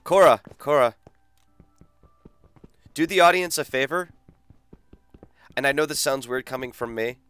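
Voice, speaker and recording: A male gaming streamer chats casually with his viewers, full of crude, teasing banter. His voice is smooth and resonant and sits in an ordinary middle register. The sound is dry and close, with no room around it. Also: mid-range voice, a little slow, pauses often, a bit bright, no room sound, soft background music. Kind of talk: casual live-stream chat.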